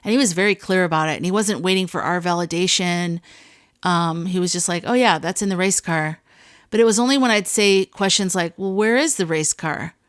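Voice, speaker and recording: A woman's voice: fairly low pitch, a little fast, smooth, dry recording, studio quality. A woman hosting a podcast, chatting casually and reading listener stories aloud, with many asides and fillers. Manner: conversational, lots of fillers and asides. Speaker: podcast host.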